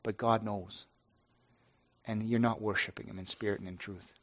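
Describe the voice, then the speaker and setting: A middle-aged pastor speaking earnestly and haltingly to his congregation, with many restarts. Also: fairly low pitch, steady tone. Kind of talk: informal devotional talk to a congregation.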